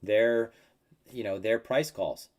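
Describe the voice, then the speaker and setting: Low-voiced man talking through crypto charts. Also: takes it slowly, a little mellow. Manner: rambling and conversational, with many fillers and mock quotes. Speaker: crypto market analyst. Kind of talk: casual live chart analysis.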